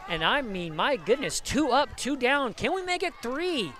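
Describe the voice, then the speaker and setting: Man, live softball play-by-play, outdoors, high voice, bright tone, playful. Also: expressive, normal speed. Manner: playful, jokes about big words. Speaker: play-by-play commentator.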